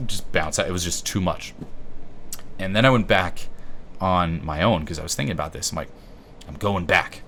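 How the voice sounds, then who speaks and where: Deep-voiced French-native guy, casual self-help talk, profane, faint background ambience. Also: a bit bright, a little hiss or hum. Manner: loose and profane, with a slight halting quality. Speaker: YouTube host.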